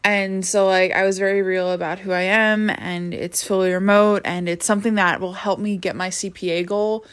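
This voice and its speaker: A woman's voice: medium pitch, little pitch movement, normal speed, hardly any pauses, smooth. Tired young woman rambling casually. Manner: rambling, many fillers and restarts. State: tired, yawning. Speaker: podcast host. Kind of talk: casual personal vlog talk.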